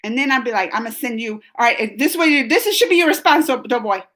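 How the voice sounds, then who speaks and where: A woman's voice: on the high side, lively intonation, fast, fairly bright tone. A chatty woman, feeling a bit sick and rambling through a casual live chat with viewers, laughing often. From New Orleans, USA. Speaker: livestream host reading chat.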